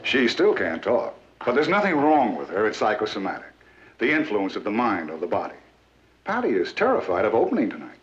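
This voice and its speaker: Measured reassuring doctor, lively pitch, dull old TV sound. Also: male voice. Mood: calm. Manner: measured, explanatory. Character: calm family doctor, reassuring. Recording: dull archival TV audio.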